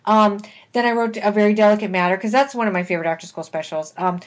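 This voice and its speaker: A woman co-hosting a casual podcast chat, chatty and quick to laugh. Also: mid-range voice. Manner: chatty, laughs often, romantic enthusiast. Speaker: podcast co-host.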